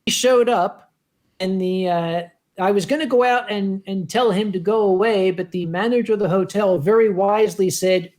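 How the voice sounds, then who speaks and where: A man's voice: sits high, normal speed. Man telling a convention war story. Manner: lively storyteller who acts out the quotes. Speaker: convention organizer. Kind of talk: anecdote told on a convention panel.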